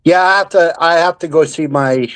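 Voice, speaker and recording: Canadian man, co-host, teasing banter, dry close mic, slightly high. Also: moderate pace, a bit bright, clean tone, no echo. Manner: joking, teasing. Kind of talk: casual chat.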